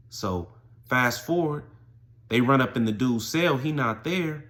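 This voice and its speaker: A man casually retelling a prison story in street slang, often rising loud when the story heats up. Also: medium pitch, normal speed. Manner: street slang, animated retelling, voices quotes. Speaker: storyteller vlogger.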